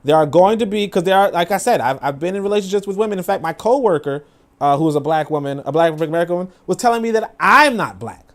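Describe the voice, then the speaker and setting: A man's voice: high-pitched, animated, fast. A man commenting casually on a clip, rambling with many fillers. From New York. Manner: rambling, filler-heavy, acts out quoted voices.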